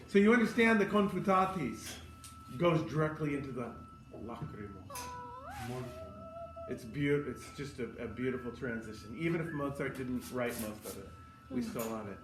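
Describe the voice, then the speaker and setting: A man's voice: mid-range voice, animated, normal speed, background noise. A man teaching choral conducting, giving feedback and singing short phrases to demonstrate. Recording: roomy hall, from a distance, with music.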